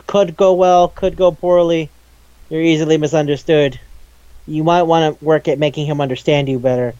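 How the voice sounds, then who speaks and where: A man in casual chat, recapping an anime, loose and profane, quickly acting out the characters' lines. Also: a little high, steady tone, darkish tone, no echo, muffled recording. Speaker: podcast co-host.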